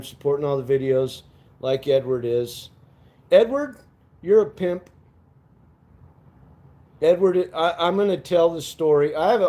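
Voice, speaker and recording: A man's voice: mid-range voice, warm tone. A man chatting casually with viewers on a live stream from home, rambling, laughing and cursing as he goes.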